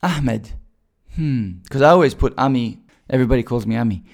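A man's voice: mid-range voice, very fast, vocal fry. A man from Bosnia, telling his career story as a recruiter in a chatty way with many fillers and restarts. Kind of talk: casual storytelling.

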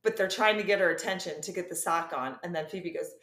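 A woman's voice: on the low side, quick pace, a bit bright. A woman chatting as a guest on a podcast, rambling and laughing, losing her train of thought. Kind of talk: casual chat. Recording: echoey room.

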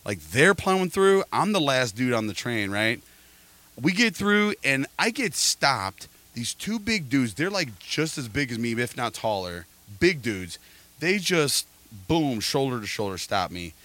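A middle-aged man, a podcast host, telling an animated story in casual chat and quoting people back and forth. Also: mid-range voice, measured pace.

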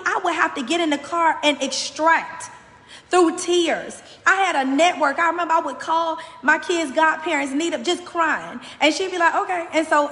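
A woman's voice: very high-pitched, a bit bright, roomy sound, in a large hall. A woman hosting a motivational faith podcast, giving a fervent, preacherly message straight to her listeners.

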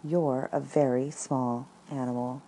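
Calm, pondering storybook bear, read by a woman; unhurried, warm, low. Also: slight background noise. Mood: musing. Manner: calm, musing, encouraging. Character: slow, thoughtful male teddy bear.

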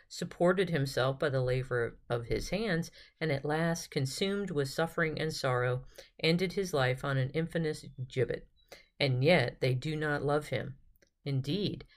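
A woman hosting a devotional podcast retreat, leading a prayer and reading a spiritual classic aloud in a calm, steady way. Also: very deep voice. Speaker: podcast host and retreat guide.

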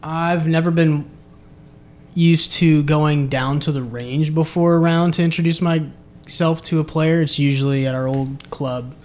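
A man, a caddy, chatting as a podcast guest, with a fairly high voice. He tells his stories animatedly, laughing often and restarting his phrases as he goes. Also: steady tone, a little slow, darkish tone. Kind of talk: casual chat.

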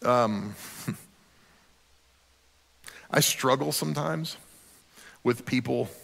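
A man's voice: mid-range voice, very slow, vocal fry, fairly bright tone, in a large hall. A man pastor preaching a sermon in a conversational, earnest way, often repeating a word as he starts a sentence.

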